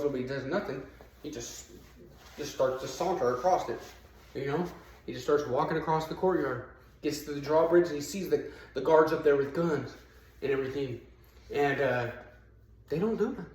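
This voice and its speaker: A man telling a parable in a casual motivational talk, speaking conversationally and filling gaps with "you know", and climbing high and emphatic when he drives a point home. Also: darkish tone. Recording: echoey room.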